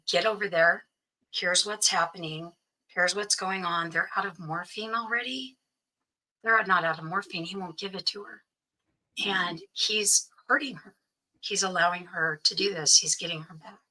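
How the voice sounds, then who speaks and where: A woman with a lowish, sharp-toned voice speaks at normal speed on a low-quality recording. As an interview guest, she earnestly recounts a personal story, quoting what other people said to her along the way.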